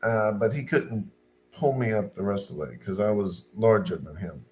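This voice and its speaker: A middle-aged man from Arkansas telling a personal story in a casual storytime monologue, unhurried and halting with fillers and restarts. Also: fairly low pitch, slight background noise.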